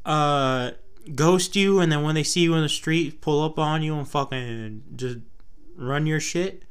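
A man's voice: on the high side, measured pace, clean tone. A young man from Texas with a Texas twang, chatting to his viewers in a loose, rambling, profane way. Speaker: vlogger. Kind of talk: casual rambling chat to camera.

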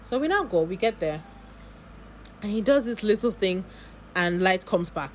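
A vlogger with a Nigerian accent tells a long story in a casual vlog, packed with asides and acted-out dialogue. Her medium-pitched voice is expressive and moderately paced, with a little hiss or hum in the recording.

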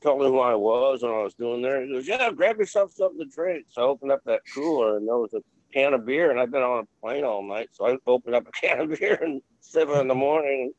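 Talking quickly in a mid-range voice, this older interview guest and ex-film crew member tells casual, meandering stories heavy on fillers and blunt profanity. The recording is dry, with the high frequencies cut off.

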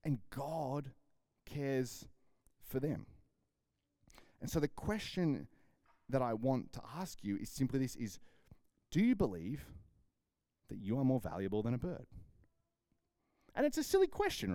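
Man, Australian accent, sermon, lively and chatty, mellow tone, dry close sound. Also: medium pitch, normal speed, pauses often, no echo. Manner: animated and conversational, often repeats words, acts out dialogue. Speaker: pastor.

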